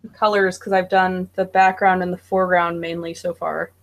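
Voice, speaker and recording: A woman's voice: lowish voice, flat delivery, moderate pace. Chatty woman on a video call. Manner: chatty, with fillers like "like" and "um". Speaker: artist in an online drawing group. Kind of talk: casual chat while drawing. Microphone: video call mic.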